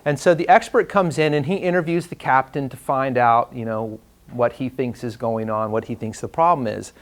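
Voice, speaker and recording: A man, teaching a live class and telling a story in a relaxed, conversational way with fillers. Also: mid-range voice, moderate pace. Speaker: trainer. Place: training room before a class.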